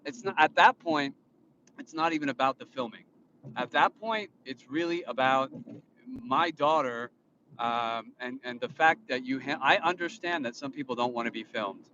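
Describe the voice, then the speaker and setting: A man's voice: mid-range voice, normal speed, pushed and bright. Rambling, indignant man vlogging from a car. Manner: rambling, with many fillers and restarts; indignant, lecturing tone. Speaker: vlogger and father. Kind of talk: casual vlog monologue. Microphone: phone filming himself. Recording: muffled, with road noise. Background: vehicle noise.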